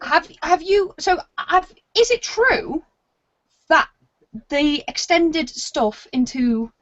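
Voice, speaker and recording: A woman co-host tells stories with a high voice that swoops up and down. She sounds lively throughout. The line is dry and muffled. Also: slow, dry recording. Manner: lively, animated storyteller. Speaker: podcast co-host. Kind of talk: casual chat.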